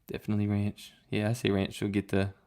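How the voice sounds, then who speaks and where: A man co-hosting a call-in fan podcast with a low, easygoing voice. He talks in a relaxed, chatty way, often breaking into laughter as he tells a story. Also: fast talker, clear, resonant tone. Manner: laid-back, laughs while telling stories. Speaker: podcast co-host. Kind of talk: casual chat. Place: Tennessee.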